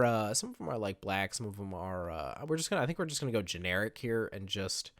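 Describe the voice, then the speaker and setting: A man's voice: medium pitch, fairly bright tone, no echo, studio quality. A man giving casual, rambling gameplay commentary at his computer setup. He talks in a chatty, self-mocking way. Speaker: gaming video creator.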